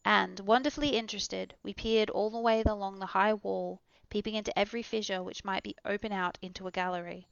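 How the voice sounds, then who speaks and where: A woman reading a classic novel aloud, telling the story in a steady first-person voice. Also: medium pitch, fairly quick, creaky, hardly any pauses, clear, resonant tone. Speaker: audiobook reader. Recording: dull, dry recording.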